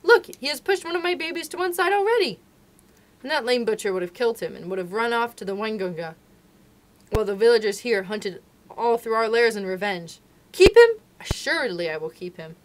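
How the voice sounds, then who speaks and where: A woman voicing a fierce, protective mother wolf who speaks in loud, archaic declarations in a storybook reading. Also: medium pitch, fairly even intonation, unhurried, hardly any pauses, a little hiss or hum, natural voice. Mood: tender.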